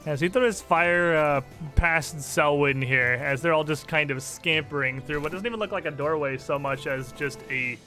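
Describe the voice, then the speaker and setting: Bright-voiced man running a tabletop game. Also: a little high, normal speed, hardly any pauses, soft background music. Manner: laughs often while describing the action. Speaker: game master.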